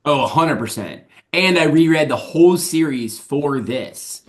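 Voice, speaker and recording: A man in his thirties co-hosting a casual movie podcast, relaxed and hesitant, often restarting his sentences. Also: fairly high pitch, unhurried. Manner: relaxed, hesitant with fillers and repeats. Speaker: podcast co-host.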